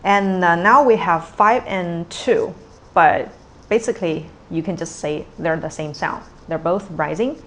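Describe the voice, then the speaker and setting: A woman teaching tones in a patient, unhurried way, modelling each word twice. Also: fairly low pitch, a bit bright. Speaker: Cantonese teacher. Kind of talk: tone pronunciation lesson.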